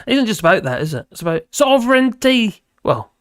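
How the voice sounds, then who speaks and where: A man's voice: high-pitched, sing-song, a little fast, a bit bright, no room sound, clean studio sound. A man hosting a casual livestream, rambling and humming to himself while he looks for things. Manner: rambling, hums while searching. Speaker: livestream host.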